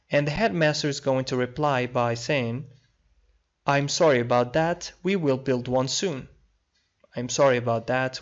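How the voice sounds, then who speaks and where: A man teaching an online English lesson, saying each example phrase twice, slowly and clearly. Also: mid-range voice. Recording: slightly dull lo-fi audio.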